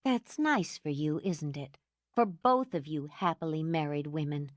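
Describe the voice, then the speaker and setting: Kobieta grająca dumną, zranioną trzydziestolatkę. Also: female voice, sits low, unhurried, no echo, studio quality. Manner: tight, cool, controlled. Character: proud hurt divorced woman, thirty.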